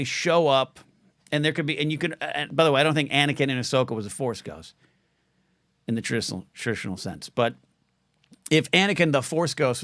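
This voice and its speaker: A man's voice: mid-range voice, fairly bright tone, no echo, clean studio sound. A middle-aged man hosting a solo livestream podcast, rambling through chat questions with lots of restarts.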